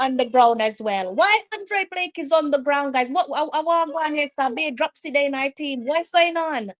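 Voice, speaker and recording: Excitable Jamaican woman commentating live. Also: high-pitched, moderate pace, few pauses. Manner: excitable, exasperated, slips into patois. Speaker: live stream host. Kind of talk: live football watch-along commentary.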